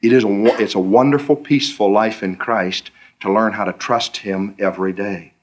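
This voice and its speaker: A man's voice: steady tone, normal speed. A middle-aged man preaching a sermon, telling stories and acting out his own back-and-forth questions with the Lord. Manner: storytelling, acts out dialogues with the Lord, pitch swooping high on questions.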